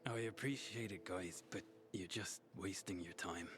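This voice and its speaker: A man's voice: low-pitched, normal speed, natural voice. An actor playing a sickly, coughing young man who wryly brushes off anyone's help, heard through game audio with noticeable background noise. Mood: wry resigned. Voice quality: wry, fatalistic, brushes off help. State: coughing, unwell.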